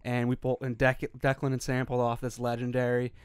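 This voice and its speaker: A young man co-hosting a podcast, talking quickly and loosely with plenty of fillers. His voice is smooth and clear, recorded dry and close. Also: medium pitch, completely flat delivery, no room sound. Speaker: podcast co-host. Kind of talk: casual chat.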